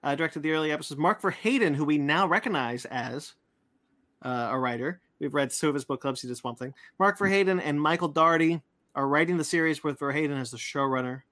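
A man's voice: on the high side, fast talker, pushed and bright. A man hosting a casual pop-culture chat, reading out news items in a loose, chatty way. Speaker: podcast host reading news.

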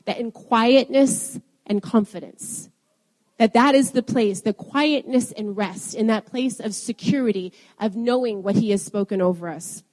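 Young woman preacher, lively and self-laughing, higher voice, reverberant hall sound. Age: young adult. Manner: animated, laughs often at herself. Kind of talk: sermon.

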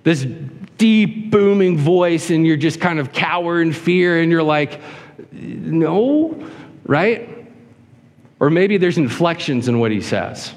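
A man's voice: a little high, normal speed, few pauses. A man preaching a sermon as a pastor, earnest and full of rhetorical questions. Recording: hall reverb.

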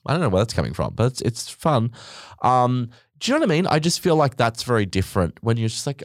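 A man's voice: mid-range voice, big pitch swings, brisk, no echo, studio quality. A man hosting a podcast alone, ranting bluntly with plenty of swearing and rambling asides. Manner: blunt, sweary, rambling, mock voices for quoted people. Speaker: podcast host. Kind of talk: casual solo podcast rant.

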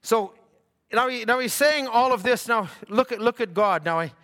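Fervent preacher man, bright and high. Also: normal speed. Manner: fervent, rising to shouts, stammering restarts. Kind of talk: impassioned sermon. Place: church hall. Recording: long hall reverb.

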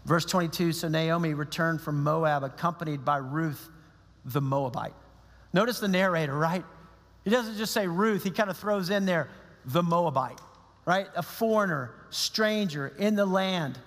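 A pastor delivers his sermon in a chatty, lively way, slipping into quoted asides from the people he describes. His voice sits high for a man, and the sound carries the long reverb of a church sanctuary. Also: moderate pace. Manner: conversational, animated preaching with quoted asides.

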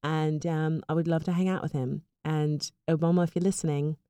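A woman's voice: deep voice, fairly even intonation, fairly quick, mellow, clear, resonant tone, no echo. A woman putting on a mock British political man. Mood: mock-earnest.

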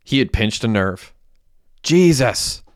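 Man, audiobook narrator, steady, plain storytelling, low voice, dry close sound. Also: normal speed, clear, resonant tone, no room sound.

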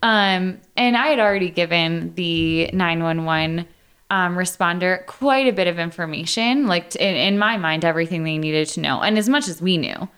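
A woman's voice: lowish voice, normal speed, fairly bright tone, clear, resonant tone. A woman co-hosting a podcast, telling a hiking story in casual chat and laughing often. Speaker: podcast co-host.

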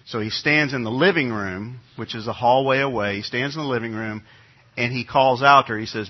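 A middle-aged male pastor tells a homely story from the pulpit, easygoing and full of little restarts. His voice is a touch husky, and it comes across a bit dull and muffled, like a church sound system. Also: medium pitch, a little fast. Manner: conversational, folksy storytelling with many restarts. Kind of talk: sermon with personal anecdote. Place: church sanctuary.

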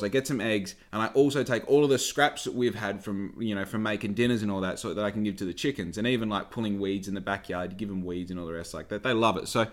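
A young man hosting a podcast, telling a long story in a rambling, digressive way and swearing a lot. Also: on the low side. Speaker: podcast host. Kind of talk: casual storytelling.

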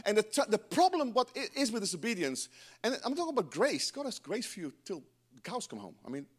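A middle-aged man preaching a sermon in church, animated and breaking into joking asides to the congregation. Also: high-pitched, quick pace, breathy edge. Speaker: pastor.

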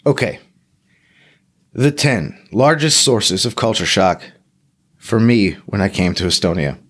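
A man with a fairly low voice hosts a solo podcast, talking off the cuff. He rambles, leans on fillers and restarts, and pokes fun at himself as he goes. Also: animated, measured pace, a bit bright. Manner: rambling, casual, filler-heavy, self-deprecating. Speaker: podcast host.

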